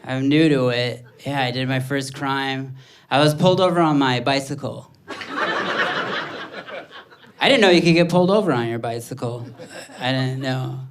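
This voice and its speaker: A man in his thirties doing stand-up comedy, telling self-deprecating stories in an anxious, animated way. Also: medium pitch, moderate pace, long pauses, noisy background.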